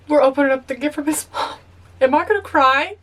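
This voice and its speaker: Girl w a high voice doing movie reaction commentary, gets all worked up and talks to the screen. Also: normal speed. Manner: excitable, emotional, talks back to the screen.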